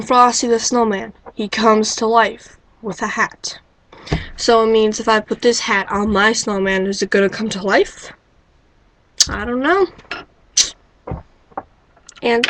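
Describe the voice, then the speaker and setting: A woman's voice: fairly high pitch, low-quality recording. A woman rambling into her webcam mic at home, wry and incredulous, firing off rhetorical questions. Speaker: vlogger. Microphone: built-in webcam mic.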